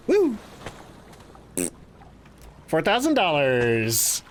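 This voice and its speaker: Animated, goofy male game streamer. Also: fairly high pitch, slight background noise. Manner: upbeat, goofy, rapid thanks to chat with sudden exclamations. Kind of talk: live gameplay commentary.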